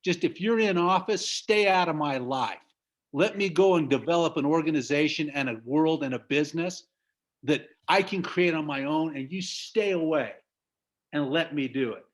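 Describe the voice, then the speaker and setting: A man's voice: a little high, normal speed. A middle-aged man from the United States giving an emphatic motivational business talk over a video call. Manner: emphatic, preachy, laughs at own stories. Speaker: business trainer.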